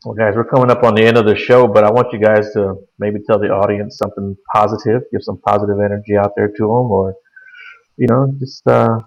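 Gravelly, low-voiced male podcast host. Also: flat delivery, a little fast, darkish tone. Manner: brief interjections, winds down the show. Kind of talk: casual podcast chat. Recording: dull lo-fi sound.

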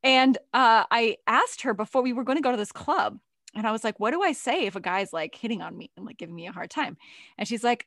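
Brief: animated American woman host, higher voice, swings up and down a lot, dry close recording. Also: a little fast, no echo. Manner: animated storyteller, acts out quoted voices. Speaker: podcast host. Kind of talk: casual interview chat.

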